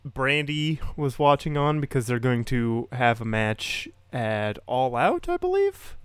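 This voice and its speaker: A man's voice: medium pitch, very animated, a little slow, fairly bright tone, clear, resonant tone, dry recording. A man co-hosting a casual wrestling podcast, swearing casually and laughing a lot. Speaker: podcast co-host.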